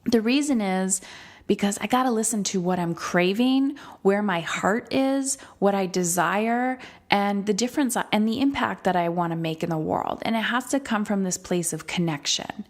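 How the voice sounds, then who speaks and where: A woman's voice: mid-range voice, normal speed. A woman hosting a solo podcast as a coach, speaking candidly and emphatically and swearing freely.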